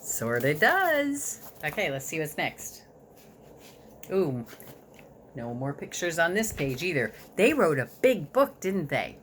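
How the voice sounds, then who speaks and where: A woman reading a children's storybook aloud to a child, with an expressive, storytelling delivery. Her voice is on the lower side and swings up and down a lot. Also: unhurried, pauses often, a little hiss or hum. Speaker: reader.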